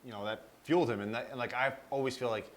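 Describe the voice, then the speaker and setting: A man's voice: mid-range voice, fairly even intonation, fast talker. A young man co-hosting a podcast, talking earnestly about drive and mindset with many fillers. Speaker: podcast co-host. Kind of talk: casual chat.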